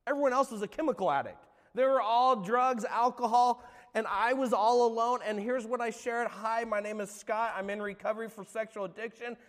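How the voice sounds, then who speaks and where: Male pastor, middle-aged, high voice; confessional sermon testimony, loud to hushed, church-hall reverb. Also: fairly quick. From California. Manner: earnest, confessional, swings between loud and hushed. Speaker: guest speaker, former youth pastor.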